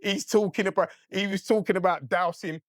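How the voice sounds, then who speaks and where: A man's voice: high voice, brisk, no echo, clean studio sound. Profane man telling a story. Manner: animated, profane, keeps asking "right?". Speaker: podcast guest. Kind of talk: casual storytelling.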